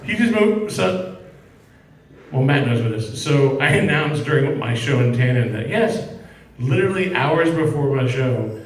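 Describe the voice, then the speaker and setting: A man's voice: medium pitch, unhurried. A middle-aged man hosting a comedy night, telling rambling stories and introducing the next comic. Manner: rambling, laughing between stories. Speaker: comedy show host. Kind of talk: casual banter introducing comics. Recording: echoey room from a distance.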